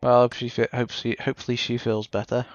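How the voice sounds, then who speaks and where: A man's voice: mid-range voice, level tone, quick pace, no echo, faint music behind. A young man with a Scouse accent chatting casually while streaming a game, rambling and cutting himself off mid-sentence. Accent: Liverpool (Scouse). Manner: rambling, chatty, self-interrupting. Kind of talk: casual chat while gaming. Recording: dull dry stream audio.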